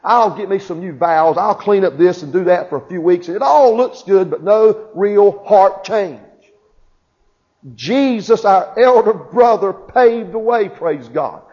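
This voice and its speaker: A man with a high voice preaches with fervent, swelling emphasis, often putting questions to the people before him. The sound is muffled and lo-fi. A long reverb trails his words through a hall. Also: lively intonation, unhurried, mellow. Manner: fervent, rising and falling emphasis, questions to the congregation. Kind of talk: sermon.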